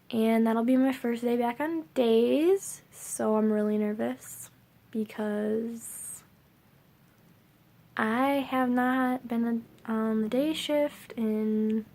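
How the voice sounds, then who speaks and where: A woman's voice: a little high, darkish tone. A young woman vlogging to camera, rambling casually with lots of filler words.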